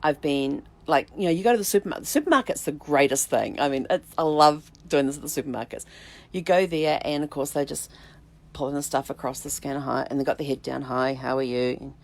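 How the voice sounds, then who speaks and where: A middle-aged woman hosting her own vlog, telling a personal story in a reflective, unhurried way, with halting restarts and soft "um"s. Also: low-pitched. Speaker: vlog host, family tree researcher.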